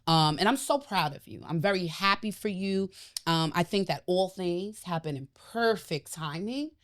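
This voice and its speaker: A woman's voice: fairly low pitch, moderate pace, a bit bright. A woman appearing as a podcast guest and life coach, talking in an encouraging, spiritual way. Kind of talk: casual heartfelt chat. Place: podcast studio.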